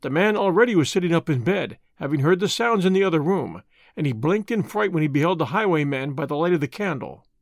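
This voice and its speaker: Lively man narrating an audiobook. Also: a little high, fast talker, dry recording, clean studio sound.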